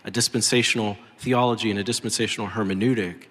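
A man's voice: medium pitch, a bit bright, big-room sound. A man in a lecture-style talk, methodically laying out theological points. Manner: measured, explanatory.

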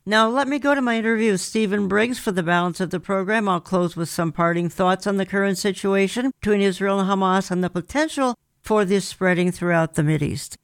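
Host for a talk-radio spot: earnest and measured, reads reports aloud, middle pitch, dry studio mic. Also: smooth, dry recording. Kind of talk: talk radio commentary and reading news reports.

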